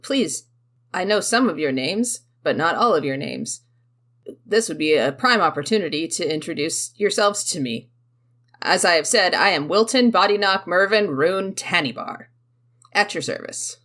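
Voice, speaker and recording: A woman's voice: fairly low pitch, lively intonation, normal speed, a bit bright. A woman playing a polite, formal male adventurer in a tabletop game. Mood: courteous. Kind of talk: tabletop role-play.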